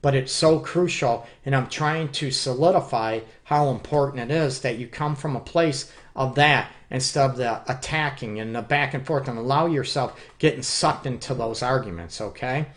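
A man's voice: mid-range voice, normal speed, hardly any pauses. A man hosting a live relationship advice show as a counselor. He talks emphatically and keeps checking in with his listeners. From Detroit area. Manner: emphatic, keeps checking in with "okay?" and "you know what".

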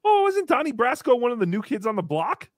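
For this comedy stream, a man gives voice to a small green puppet who is crude and giggly, reads donations, and talks about himself in the third person. He sounds cheeky, very high-pitched and sing-song at a fairly quick clip, with clean studio sound and no room sound.

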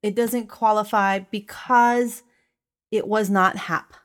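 A woman's voice: mid-range voice, fairly even intonation, slow pace. A woman co-hosting a casual podcast chat about a film, emphatic and swearing freely. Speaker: podcast co-host reviewing a film.

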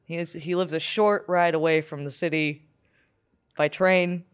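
Playful, unhurried woman podcast co-host. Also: lowish voice, smooth. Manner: playful, drawn-out deadpan jokes, frequent laughter. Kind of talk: casual comedic chat.

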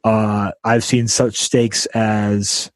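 A man's voice: lowish voice, level tone, extremely slow, no room sound, clean studio sound. A young man hosting a podcast, telling a story in a rambling, casual way with lots of fillers and restarts, recorded at a friend's house. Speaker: podcast host.

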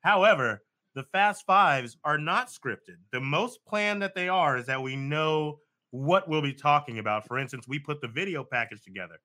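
A man's voice: a little high, animated, normal speed, bright, forceful tone. A man co-hosting a casual sports podcast, laid-back and slangy, rambling as he talks. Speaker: podcast co-host.

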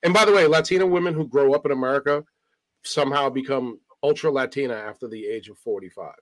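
Fast-talking, joking man on a podcast. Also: mid-range voice, no room sound, low-quality recording. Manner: fast, rambling storyteller, jokey. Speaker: podcast co-host. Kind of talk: casual chat.

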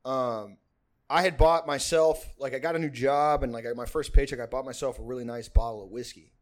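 A man's voice: mid-range voice, fairly even intonation, brisk. A young man hosting a podcast, telling a long story in a rambling, profane way, full of "like" and laughs. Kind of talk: casual storytelling chat.

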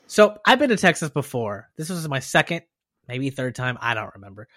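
A man's voice: mid-range voice, big pitch swings, sharp tone, no echo, studio quality. A man hosting a fantasy football podcast, chatting and joking casually with his co-host. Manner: joking, quick banter with a friend. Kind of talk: casual chat.

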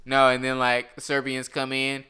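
A man in casual chat, rambling and laughing as he pitches ideas, often slipping into mock voices. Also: monotone, moderate pace, bright, forceful tone, smooth.

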